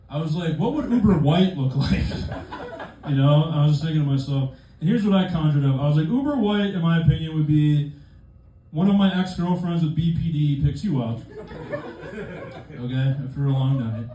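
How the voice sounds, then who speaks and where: A man's voice: fairly high pitch, moderate pace, warm tone, a little hiss or hum. A young man doing a stand-up comedy set in a club, self-deprecating with conversational asides. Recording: echoey club room from far off, crowd laughter.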